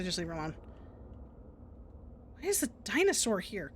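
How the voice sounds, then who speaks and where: A woman's voice: fairly low pitch, big pitch swings, moderate pace, pauses often, slight background noise. A woman streamer giving casual, dry and sarcastic commentary while playing a game.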